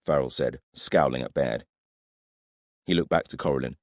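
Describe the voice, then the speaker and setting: A man narrating a fantasy audiobook with expressive storytelling. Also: rumbling low, a little fast, no room sound, studio quality. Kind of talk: scripted narration.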